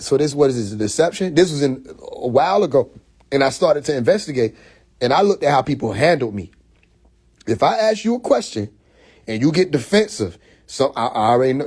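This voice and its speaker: A man telling a story on a phone livestream, animated and profane, full of restarts and acted-out quotes. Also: a little high. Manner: profane, confrontational. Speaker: livestream host. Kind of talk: casual livestream monologue. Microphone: phone mic.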